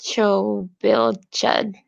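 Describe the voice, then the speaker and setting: A female language student who speaks very slowly in a gravelly voice. She repeats each word carefully and laughs off her stumbles. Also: medium pitch, little pitch movement, highs cut off, a little hiss or hum. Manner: hesitant, giggles at her own slips. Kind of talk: repeating words in a lesson.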